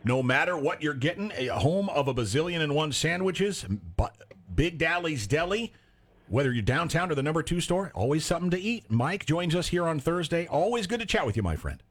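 A man's voice: on the high side, lively intonation, brisk. A man hosting a local call-in radio show, chatting casually and reading back phone numbers. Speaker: radio host.

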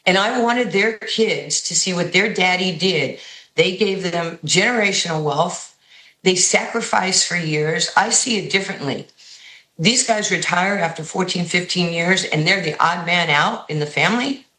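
A woman's voice: on the low side, unhurried, reverberant, rough recording. A woman coach from New York with a New York accent, giving an interview and telling stories animatedly, acting out the voices of people she quotes. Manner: animated storyteller who acts out quoted voices. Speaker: basketball head coach. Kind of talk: radio and TV interview guest, storytelling.

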